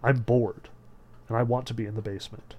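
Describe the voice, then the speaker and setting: A man's voice: mid-range voice, steady tone, fairly quick, muffled recording, close to an everyday voice. A man reading as a broken, weary writer.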